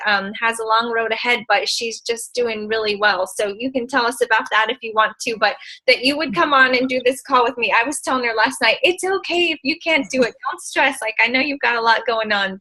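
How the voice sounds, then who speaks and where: Bright-voiced woman, a bit high, chatty host introducing a guest on a call. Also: rough recording. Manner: effusive, chatty. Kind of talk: casual introduction on a team call.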